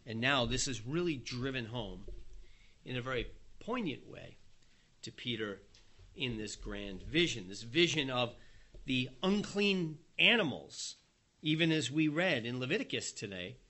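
A man preaching a sermon, telling the story in a lively way with a chuckle here and there. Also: medium pitch, a little slow.

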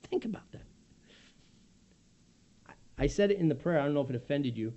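A man delivers a sermon in a high, lively voice that climbs and falls all over. He swings from loud emphasis to hushed, near-whispered lines. The recording is dull and lo-fi. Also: fairly quick. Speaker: pastor.

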